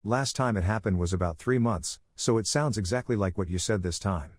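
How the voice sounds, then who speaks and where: A man voicing a mysterious red-haired female witch, read in an even, matter-of-fact way. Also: fairly low pitch, a little fast, no room sound, clean studio sound, lightly acted.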